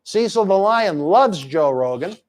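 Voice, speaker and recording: A high-voiced man hosts a live chat stream with brash energy. He plugs upcoming shows in quick promotional patter and slips into crude teasing. His tone is loud and playful. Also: expressive. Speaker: host.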